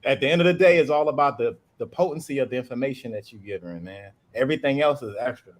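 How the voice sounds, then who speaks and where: A man's voice: mid-range voice, fast talker. Laid-back man in casual talk. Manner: laid-back, agreeing backchannels. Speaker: podcast co-host. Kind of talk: casual chat.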